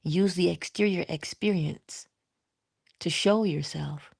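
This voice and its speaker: A woman's voice: on the low side, slow, gravelly, darkish tone, slightly rough, no room sound, clean studio sound. A woman giving casual inspirational talk, chatty and playful, laughing often and sometimes dropping to a whisper. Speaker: inspirational speaker.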